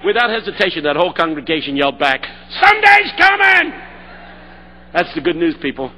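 A man preaching a sermon, telling a story and building to shouted call-and-response. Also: on the high side, fast.

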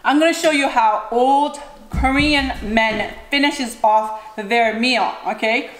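A chatty woman in her thirties talks over a meal, giving casual advice as a vlogger. Her voice sits fairly high, and she jumps into little acted-out bits of other people's speech. The room rings with echo, and cutlery and dishes clatter clearly behind her. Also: slow pace, slight background noise. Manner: chatty, animated, often acts out other people's lines. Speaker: mukbang and recipe vlogger, mother. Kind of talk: casual advice chat while eating.

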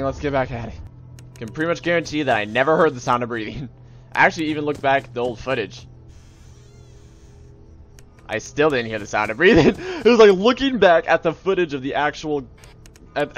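A young man giving casual, joking let's-play commentary on a game, jumpy and yelling at it when startled. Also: fairly high pitch, lively intonation, brisk, faint music behind. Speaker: gaming video host.

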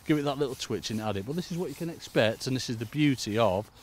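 A man's voice: mid-range voice, lively intonation, fast, slight background noise. A man giving a casual fishing tutorial outdoors at a lakeside, chatting away and calling his listeners "folks". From United Kingdom. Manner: chatty, keeps addressing "folks". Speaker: angling coach. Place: lakeside outdoors in cold weather.

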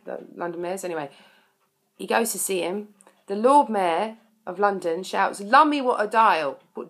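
A woman's voice: on the low side, creaky. A woman chatting casually between verses of a song she plays, explaining it with self-deprecating jokes. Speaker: amateur singer explaining a song.

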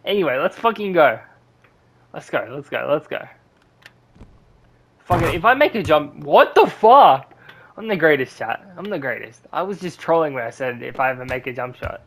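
A young man ranting his way through a basketball video game on stream, cursing freely and tossing low mumbled asides to his chat. His pitch swings widely between grumbles and outbursts. A faint hiss sits behind his voice. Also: lively intonation, fairly quick, fairly bright tone. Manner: profane, frustrated ranting at the game. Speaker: gaming streamer. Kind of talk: live gameplay commentary to chat.

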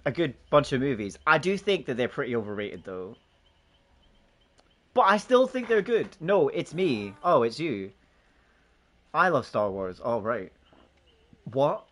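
A man's voice: medium pitch, big pitch swings, measured pace, long pauses. A man casually chatting on a gaming live stream, joking, swearing and laughing often as he banters with friends and chat.

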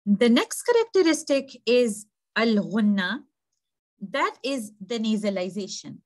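A woman teaching a recitation lesson, patiently explaining and slowly demonstrating pronunciations. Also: on the high side. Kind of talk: tajweed lesson.

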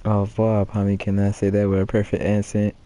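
A man's voice: on the low side, steady tone, normal speed, warm tone. A man streaming a video game, casually reading posters aloud and joking and laughing at them. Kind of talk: casual let's-play commentary.

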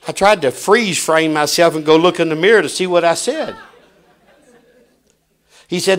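A middle-aged man preaching with a fairly high voice. He drops to a hush, then rises to a shout as he tells stories from the pulpit. The sermon is dramatic and full of anecdotes. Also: normal speed, long pauses. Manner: dramatic swings from hushed to shouting, storytelling preacher.

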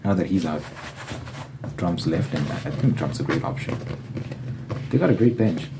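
A man's voice: deep voice, animated, normal speed. A young man hosting an ASMR channel, chatting in a rambling, opinionated and profane way. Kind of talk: casual ASMR chat. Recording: loud background noise and clicks.

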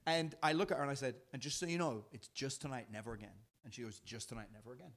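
A man's voice: medium pitch, quick pace. A man telling a long personal story in casual podcast chat, acting out the lines of the people in it. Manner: animated anecdote-telling, acting out quotes. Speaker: dating coach.

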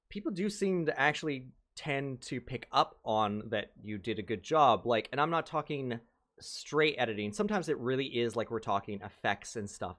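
A man's voice: mid-range voice, a bit bright. A young man being interviewed in a casual chat about video editing, rambling and swearing, often joking. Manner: rambling, profane, jokey, slips into mocking voices. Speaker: interview guest, video editor.

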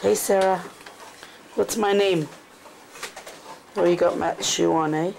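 A woman, a mother filming her children at home on a camcorder, gently scolding and cooing baby talk. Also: on the low side, fairly even intonation, slow, gravelly, background noise. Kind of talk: casual home-video narration and baby talk. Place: family home, indoors. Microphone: handheld camcorder.

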